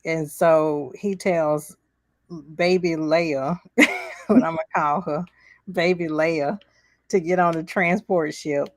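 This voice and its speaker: Slow-talking woman podcast co-host. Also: dry recording. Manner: animated, acts out quotes in high voices, laughs often. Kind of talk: casual chat, retelling scenes.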